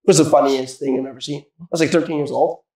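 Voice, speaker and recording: A man's voice: fairly high pitch, steady tone, fast, dark tone. Rambling joking man in an echoey room. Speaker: comedian guest, co-founder of comedy club. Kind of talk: casual podcast banter.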